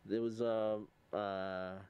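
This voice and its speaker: A young man co-hosting a podcast, telling a story in a casual, animated way and laughing along with the other host. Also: on the low side, slow pace, clean tone, dull audio. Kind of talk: casual chat.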